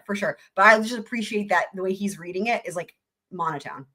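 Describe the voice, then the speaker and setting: Expressive woman chatting over a livestream. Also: medium pitch, fairly quick. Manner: very expressive, chatty, laughs often. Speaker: livestream host. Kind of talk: casual live trial commentary.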